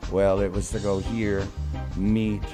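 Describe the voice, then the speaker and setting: A low-voiced man in his fifties, speaking as a radio studio guest. He tells his story in a loose, meandering way, stopping and restarting often. Music plays behind him. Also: little pitch movement. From Oklahoma, USA. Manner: rambling, halting, many restarts.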